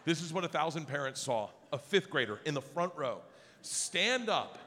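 A man doing crude, animated stand-up storytelling on a theater stage into a handheld mic, with an audience present. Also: on the high side, normal speed, heavy background noise. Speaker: stand-up comedian. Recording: live theater hall with audience.

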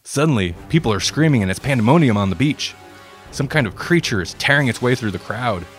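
A man reading a comedic story aloud in a relaxed way, with dry asides. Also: mid-range voice, fairly quick, faint music behind. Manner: relaxed, self-deprecating asides.

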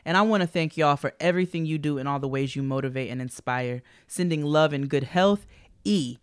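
A woman co-hosts a podcast, reading listener letters aloud in an upbeat, playful way and hyping up the audience. Her voice sits low and moves fairly quickly, with a clean tone in a dry recording.

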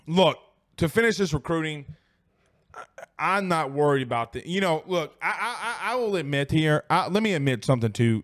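Chatty man, slightly high voice. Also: dry recording, studio quality. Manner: chatty, rambling, with many restarts and fillers. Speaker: sports talk show host. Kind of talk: casual live-stream chat. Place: at home.

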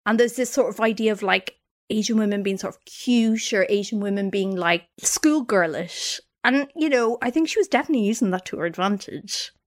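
A woman's voice: medium pitch, fairly quick. A woman co-hosting a comedy podcast who tells a story at length and acts out the quotes in it. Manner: animated narration with acted-out quotes. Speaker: co-host.

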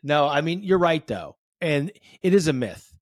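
A man's voice: on the high side, moderate pace, no echo. Dry-sounding male podcast host. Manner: animated, hedging with "right?" and "you know". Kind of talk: casual interview chat.

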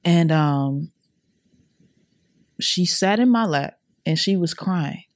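A woman's voice: lowish voice, lively intonation, takes it slowly, no room sound, studio quality. A young adult woman as a podcast guest, telling her life story with earnest, repetitive, slang-filled casual talk. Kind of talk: emotional personal storytelling.

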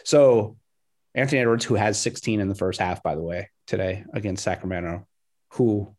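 A man co-hosting a casual sports podcast, telling a story with animated energy and laughing between lines. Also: lowish voice. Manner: animated storyteller, reading quotes aloud and laughing. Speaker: podcast co-host.

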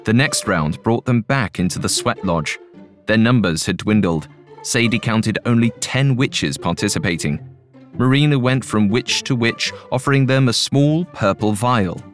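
A man narrating a scripted horror story in a measured, even way. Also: fairly low pitch. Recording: faint music bed.

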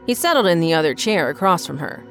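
A woman narrating a scripted horror story in a measured, even storytelling voice. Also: lowish voice, faint music behind.

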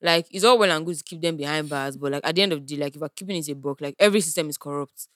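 A woman's voice: deep voice, rapid-fire, dry recording, clean studio sound. A woman, blunt and swearing freely in casual chat. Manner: blunt, talks over others, swears casually.

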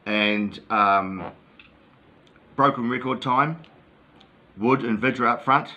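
A man's voice: mid-range voice, slow, dull audio. A man co-hosting a casual football chat, easygoing and hesitant, with many ums and yeahs. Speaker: football podcast co-host. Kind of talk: casual match review chat.

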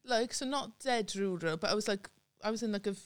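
A woman from Llanelli with a South Welsh accent, a guest in casual chat, animated and full of quick asides. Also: medium pitch, no room sound. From Wales. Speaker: guest comedian.

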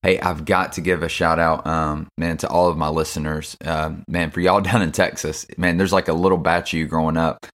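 A man's voice: very deep voice, little pitch movement, normal speed, hardly any pauses, a bit bright. A young man hosting a casual devotional podcast, laid-back and slangy, with lots of fillers. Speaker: podcast host.

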